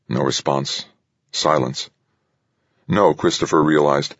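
A man narrating a thriller audiobook in a lively, dramatic reading. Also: a bass voice, normal speed, breathy edge, dry recording, dull audio. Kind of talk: scripted narration.

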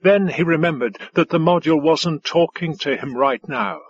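A man narrating a science-fiction audiobook in a measured, wry storytelling manner. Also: on the high side, fairly bright tone, breathy edge, no room sound, lo-fi sound. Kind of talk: scripted narration.

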